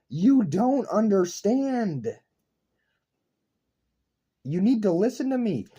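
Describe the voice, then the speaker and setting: A young man delivers an intense philosophical rant straight to his audience, swearing and circling back over the same points. His voice is very dark and husky, and he talks slowly. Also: sits high. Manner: intense, profane, repetitive, lecturing. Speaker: online video creator. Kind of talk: rambling philosophical rant to camera.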